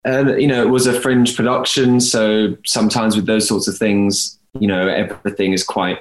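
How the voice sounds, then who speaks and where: A man's voice: on the low side, flat delivery, normal speed. Rambling young man, roomy echo. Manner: rambling, self-correcting. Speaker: actor, interview guest. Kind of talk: conversational interview.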